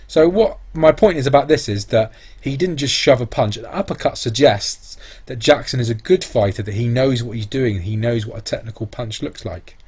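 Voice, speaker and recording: A man's voice: mid-range voice, moderate pace, darkish tone, slightly rough. A man teaching a revision lesson on exam answers, explaining step by step and thinking aloud. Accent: British English. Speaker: English teacher.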